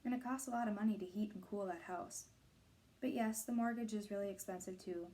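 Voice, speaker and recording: A woman reading aloud, voicing a caring and protective mother who speaks gently and firmly. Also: medium pitch, fairly quick, natural voice. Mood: reassuring. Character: caring protective adult mother, warm and firm.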